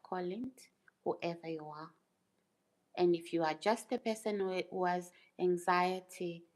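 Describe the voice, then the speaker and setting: A woman's voice: fairly low pitch, poor audio. A woman hosting her own livestream, speaking casually and emphatically to her chat, repeating phrases and asking rhetorical questions. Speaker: YouTuber livestream host.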